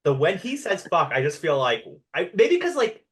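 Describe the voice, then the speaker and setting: A man co-hosting a podcast, telling stories in a rambling, animated way with lots of fillers. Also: sits high, moderate pace. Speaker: podcast co-host. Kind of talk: casual chat.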